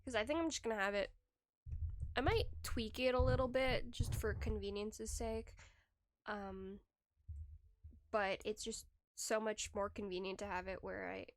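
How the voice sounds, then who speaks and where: A woman's voice: mid-range voice, no echo. A young adult woman livestreamer chatting casually with her viewers, rambling, laughing often and restarting her sentences, close to a desk microphone. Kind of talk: casual stream chat reading chat.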